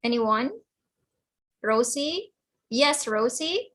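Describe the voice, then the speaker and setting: Woman teacher on a video call, patient, repeats herself, slow delivery, slightly high voice. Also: expressive, a bit bright, low-quality recording. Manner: patient, repeats and checks understanding. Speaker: online English teacher. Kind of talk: slow explanatory teaching to children.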